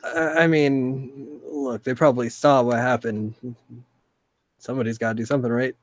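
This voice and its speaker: A man's voice: medium pitch, fairly even intonation, normal speed, dry recording, voice pushed down, close to an everyday voice. A man voicing a nervous young human jailer who dodges questions. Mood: uneasy. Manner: evasive, hesitant, defensive.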